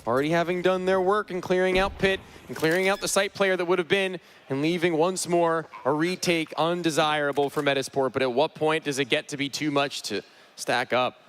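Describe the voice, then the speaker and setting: A man's voice: fairly high pitch, steady tone, brisk, fairly bright tone, a little hiss or hum. A man doing dramatic play-by-play commentary on an esports match at a live event. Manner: dramatic, emphatic play calls.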